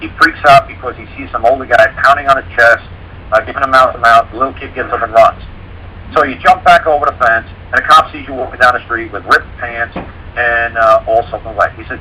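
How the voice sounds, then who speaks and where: A man's voice: mid-range voice, steady tone, brisk, pushed and bright, slight background noise, low-quality recording. A man talking as a guest on a radio show, blunt, folksy and profane, explaining things through homespun stories. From rural mountain area. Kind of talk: casual radio talk.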